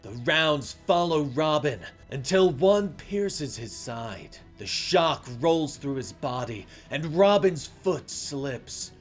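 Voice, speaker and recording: A man narrating a comic story in a dramatic, animated scripted style. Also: medium pitch. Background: faint music.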